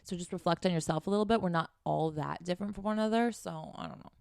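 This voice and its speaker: A woman's voice: lowish voice, fast, vocal fry, a little mellow, no room sound, studio quality. Frank, profane woman giving dating advice. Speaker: dating and sex coach. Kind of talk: casual advice vlog.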